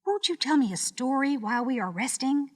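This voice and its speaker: A woman's voice: high voice, expressive, a little fast, in a large hall, pitched above the performer's own voice. A woman voicing Dorothy, a kind, earnest young girl, speaking politely and eagerly on a children's storybook record.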